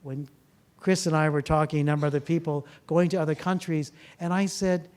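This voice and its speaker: With a slightly high voice and a slightly quick pace, a therapist addresses a live audience in a public talk. He tells stories, throws out rhetorical questions, and acts out the dialogue with vivid voices.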